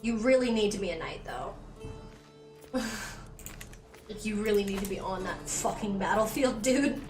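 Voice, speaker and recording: A woman's voice: medium pitch, normal speed, recorded from a distance, over music. Chatty young woman streamer, echoey room. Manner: chatty, sarcastic, swears casually. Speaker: gaming streamer. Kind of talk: casual gameplay commentary. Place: home room.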